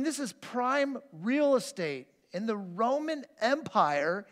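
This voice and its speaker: Male pastor, high voice, earnest storytelling sermon, long church-hall reverb. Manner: earnest, storytelling, frequent restarts. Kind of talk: conversational sermon with personal stories. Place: church sanctuary.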